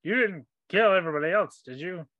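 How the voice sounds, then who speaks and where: A man's voice: sits high, lively intonation, a little fast, dull audio, a loud crowd. A man voicing an impatient, scheming male wizard who runs a smuggling ring in a tabletop game. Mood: bossy.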